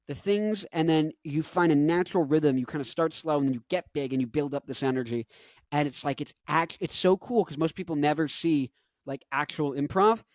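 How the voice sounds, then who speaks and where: Rambling, animated young man, dry sound. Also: a little high, no room sound. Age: 20s. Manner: rambling, animated, many fillers and self-corrections. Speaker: musician and vlogger. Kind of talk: casual rambling chat.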